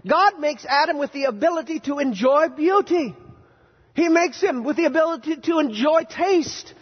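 A male pastor preaching a sermon in a church, animated and quizzing his congregation with playful sarcasm. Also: very high voice, moderate pace. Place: church sanctuary. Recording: dull, reverberant church hall recording.

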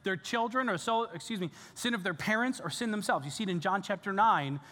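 High-voiced preacher man in an echoing church. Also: brisk. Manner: earnest, animated preaching with casual fillers. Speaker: pastor. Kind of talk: sermon. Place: church sanctuary. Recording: church hall reverb.

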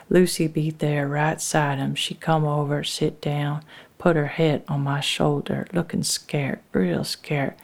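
A woman's voice: low voice, a little mellow. A woman telling a dramatic first-person story in an earnest rural dialect.

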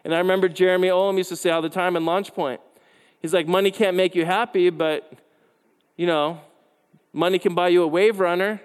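Guy preaching to youth, kinda high voice, big echoey hall, jumpy storytelling. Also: clear, resonant tone. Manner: animated storytelling with quick asides. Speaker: youth pastor. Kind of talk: sermon. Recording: hall reverb.

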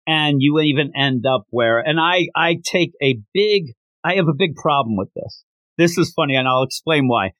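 A man hosting a manga podcast, recapping a chapter in casual commentary and breaking into quick acted quotes. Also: a little high, no room sound. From United States. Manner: animated, breaks into quick acted quotes and mock announcer yells.

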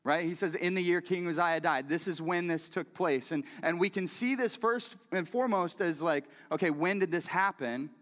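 Man, high voice, preaching a sermon, asks the audience questions, echoing hall reverb. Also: expressive, normal speed, few pauses, fairly bright tone. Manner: talks directly to the audience with questions. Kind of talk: conversational sermon.

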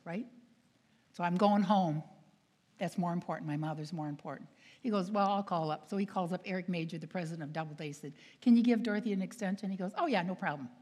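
Speaking at a retreat, a woman with a fairly low, breathy-edged voice tells stories to an audience, acting out the voices of the people she quotes and laughing often. A long hall reverb surrounds her.

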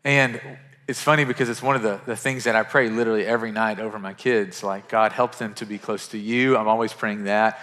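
A man in his thirties from western Kentucky preaching a sermon as pastor, earnest and conversational, restarting phrases and dropping to a hush for quoted lines. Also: fairly low pitch, fairly even intonation, fairly quick. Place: church sanctuary. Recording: church sanctuary with long reverb.

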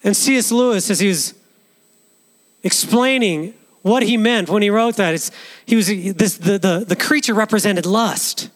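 A man's voice: sits high, unhurried. A male pastor preaching a sermon in an earnest way, with frequent restarts.

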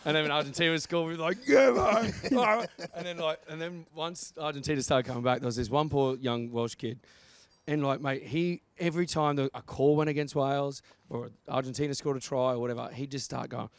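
A man's voice: mid-range voice, fairly even intonation, fast. A man co-hosting a podcast, telling rugby stories in casual banter, often laughing and saying "mate". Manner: laughing storyteller, says mate a lot. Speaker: podcast co-host.

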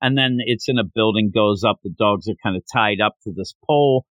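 A man's voice: fairly low pitch, brisk, dry recording. A man hosting a podcast, retelling a manga chapter in casual chat and acting out the characters. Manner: animated storyteller, acts out the characters' lines. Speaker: podcast host.

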